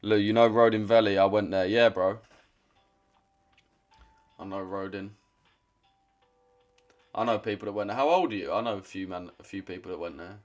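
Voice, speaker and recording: A young man with a London accent talks casually to his livestream chat, blunt and full of slang. His voice sits a little low, and he swears freely as he answers viewers. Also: normal speed, pauses often, dull audio, faint music behind. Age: 20s. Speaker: trading streamer.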